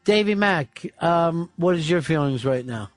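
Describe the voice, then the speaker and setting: Dry questioning radio host. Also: male voice, a little high, lively intonation, a little slow, no room sound. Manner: dry, questioning, steers the talk. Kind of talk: casual radio talk, taking calls. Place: radio studio.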